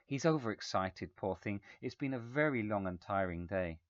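A woman's voice: extremely low pitch, expressive, normal speed, no room sound, dull audio. A man reading aloud, voicing an indulgent mother who soothes and makes excuses for her spoilt son. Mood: doting.

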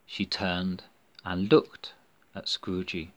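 Slow, expressive male storyteller. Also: on the low side. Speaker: narrator. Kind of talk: storybook narration.

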